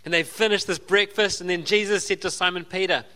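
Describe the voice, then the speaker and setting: A man's voice: high-pitched, fairly even intonation, a little fast, bright, forceful tone. A man with an Australian accent preaching a sermon as a pastor, telling the story conversationally with asides and laughs.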